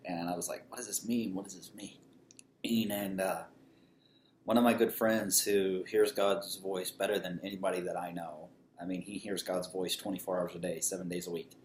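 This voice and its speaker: Low-voiced man telling a story in an echoey room. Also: little pitch movement, darkish tone, slight background noise. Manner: halting, with many fillers and restarts. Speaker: vlogger telling a personal story. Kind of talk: casual spoken storytelling.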